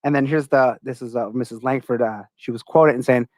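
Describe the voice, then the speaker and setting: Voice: mid-range voice, steady tone, brisk, hardly any pauses, a little mellow, no room sound. A podcast host reading out a cryptid story in a casual, joking way, often laughing and slipping into silly voices.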